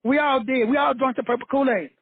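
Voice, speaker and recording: Husky high-voiced man preaching bluntly. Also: fairly even intonation, fast, no room sound. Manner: preachy, blunt and profane, repeats points for emphasis. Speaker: motivational teacher. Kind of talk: fiery motivational lecture. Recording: tinny phone-like dry sound.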